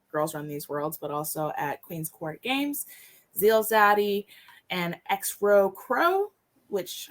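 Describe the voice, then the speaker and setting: A woman player introducing herself in a bubbly, giggly way. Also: on the low side. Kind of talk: casual chat.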